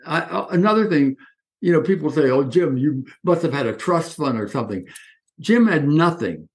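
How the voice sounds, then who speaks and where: A man's voice: fairly high pitch, normal speed. Older man in his eighties, spirited raconteur who slips into other people's voices mid-story. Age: 80s. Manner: lively anecdotal, acts out quoted voices, frequent restarts. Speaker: interview guest. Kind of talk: reminiscing storytelling.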